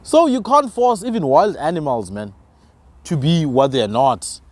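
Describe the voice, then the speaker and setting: Lively, emphatic man. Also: fairly high pitch, unhurried, no echo. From South Africa. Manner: emphatic, preachy, rhetorical questions. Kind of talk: passionate conversational argument.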